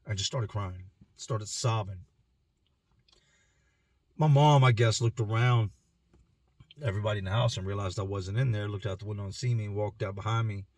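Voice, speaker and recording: A man's voice: on the low side, normal speed, pauses often, darkish tone, dry recording. A man telling his own life story in a candid, emotional way, with casual slang and repeated words. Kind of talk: personal storytelling to camera.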